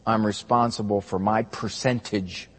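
A male talk show host speaks earnestly and candidly, turning to address the viewers directly. His voice is husky, and a long hall reverb trails every phrase. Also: on the low side, fairly even intonation, a little slow. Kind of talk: casual chat.

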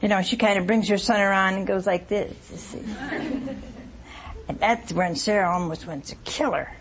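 A woman preaching a sermon, retelling a scripture story with lively rhetorical asides to her congregation. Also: mid-range voice, normal speed, crowd noise.

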